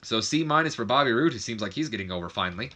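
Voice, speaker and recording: Chatty young man with a bright, forceful voice. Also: mid-range voice, lively intonation. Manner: chatty, frequent fillers and self-corrections; does quick mock voices of others. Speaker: game commentator. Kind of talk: casual game commentary recap.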